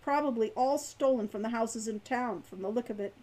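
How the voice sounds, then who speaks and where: A man's voice: extremely high pitch, a little fast, low-quality recording. A woman reading aloud and voicing an aloof young male spellcaster who speaks icily and scornfully. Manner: icy, scornful, calm.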